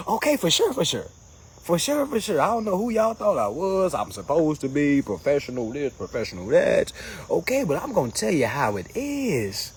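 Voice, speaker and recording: A man hosting a casual livestream, answering comments in an animated, mocking way that swings between loud jokes and low asides. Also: normal speed, a little hiss or hum. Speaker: livestream host reading comments.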